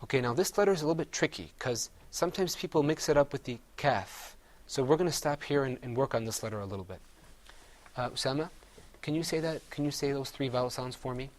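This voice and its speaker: A man's voice: medium pitch, fast talker, darkish tone. A man teaching Arabic letter sounds in a class, patiently saying each one and having the group repeat it. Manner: explains mouth positions step by step. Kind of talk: classroom pronunciation drill.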